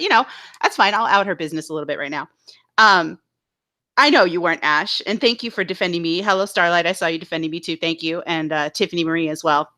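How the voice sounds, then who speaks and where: A woman co-hosting a casual live stream, telling a story in an animated, indignant way. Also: lowish voice. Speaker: co-host.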